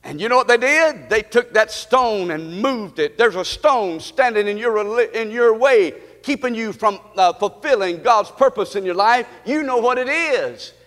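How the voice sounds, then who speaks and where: A man's voice: extremely high pitch, sharp tone. A man, a pastor preaching a sermon in a church, calling out to the congregation with a rising and falling delivery. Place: church sanctuary. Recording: live stream with long hall reverb.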